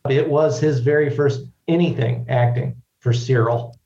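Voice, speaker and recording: A man's voice: mid-range voice, steady tone, unhurried, gravelly, mellow, roomy sound, dull audio. A man who is a guest on a podcast, chatting casually about films in short replies and agreements. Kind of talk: casual film chat.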